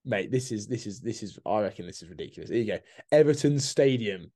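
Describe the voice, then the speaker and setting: A man co-hosting a casual podcast with a dark, mellow voice. He runs a light trivia quiz, teases his friend and laughs easily. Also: fairly low pitch, expressive, fast. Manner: jokey, laughs often, says "mate" a lot, quizzes his co-host. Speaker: podcast co-host. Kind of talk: casual chat.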